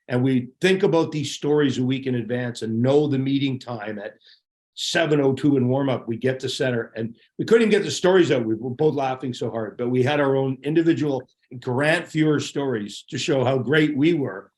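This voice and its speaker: Man telling animated locker-room stories. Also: mid-range voice, moderate pace. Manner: animated, laughing anecdotes. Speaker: guest, former hockey goalie. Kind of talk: casual storytelling.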